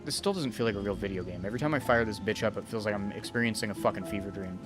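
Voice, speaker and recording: A young adult man streams a game, rambling casually and swearing as he talks to his chat while playing. His voice is on the low side and very fast, and music plays in the background.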